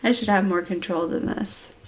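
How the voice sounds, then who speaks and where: A woman's voice: mid-range voice, normal speed, very noisy. A woman casually giving a tarot reading on a livestream, chatty and laughing often, with lots of fillers. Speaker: tarot reader.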